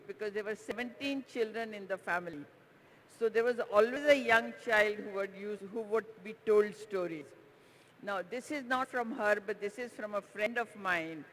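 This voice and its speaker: High-voiced storyteller. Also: male voice. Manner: expressive, drawn-out storytelling with repetition. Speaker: conference speaker. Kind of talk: storytelling speech. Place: conference hall. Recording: reverberant hall, faint background noise.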